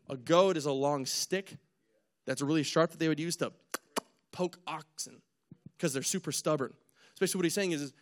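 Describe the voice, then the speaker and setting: A young man gives a relaxed, joking sermon, slipping into quick voices for the people in his story. His voice sits a little high, and he laughs at his own asides. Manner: animated storyteller, acts out characters, jokes at himself. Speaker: preacher. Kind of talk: casual retelling sermon.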